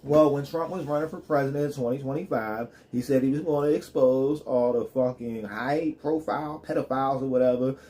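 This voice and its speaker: Man, casual profane rant, slangy and joking, mellow warm tone, mid pitch. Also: fairly even intonation, fairly quick, hardly any pauses. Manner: loose, joking, street slang. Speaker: live streamer.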